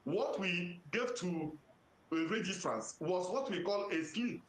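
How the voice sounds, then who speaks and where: A man with a Nigerian accent, an electoral commission official giving formal, measured answers to press questions and citing legal sections methodically. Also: high voice, animated, a little hiss or hum. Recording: roomy echo.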